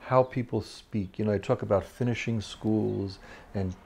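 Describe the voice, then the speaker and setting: A woman with an exceptionally deep voice hosts an interview. She gushes praise at her guest and fills each pause with warm little sounds of agreement. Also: steady tone, vocal fry, breathy edge. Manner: effusive, encouraging backchannels. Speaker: talk show host.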